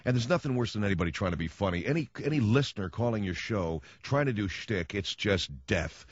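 A man's voice: fairly low pitch, animated, brisk, no echo, lo-fi sound. A man hosting a radio talk show, telling stories in a wry, sarcastic way and acting out little quotes. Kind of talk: casual radio monologue. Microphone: studio microphone.

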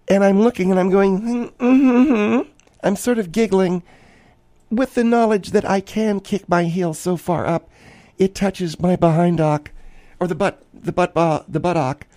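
A man's voice: high-pitched, fairly even intonation, normal speed, warm tone, no room sound, lightly acted. A man voicing a flamboyant, self-absorbed woman podcast host who rambles theatrically and gushes about herself. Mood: gushing. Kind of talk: comic character monologue.

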